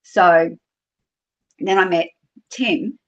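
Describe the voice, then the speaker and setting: A woman's voice: on the low side, very slow. A middle-aged Australian woman, a podcast guest, chattily retelling her experiences with lots of fillers and quoted dialogue. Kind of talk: casual storytelling. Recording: dull lo-fi podcast recording.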